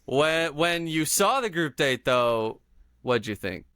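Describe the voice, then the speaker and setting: Male podcast co-host, higher voice, unhurried, casual and jokey. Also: animated, a bit bright, clear, resonant tone, dry recording, clean studio sound. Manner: jokey, talks over his co-host. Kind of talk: casual chat.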